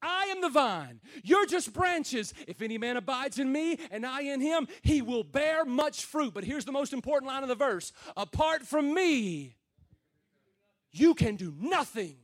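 A man preaching a sermon to a room of men, plain and folksy, rising to loud calls and dropping to low murmurs. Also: expressive, normal speed. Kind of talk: sermon to a men's gathering.

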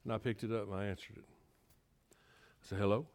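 Preacher shifting loud to hushed. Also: male voice, on the low side, fairly even intonation, fast. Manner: swings between loud, emphatic preaching and quiet storytelling. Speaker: pastor. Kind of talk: sermon.

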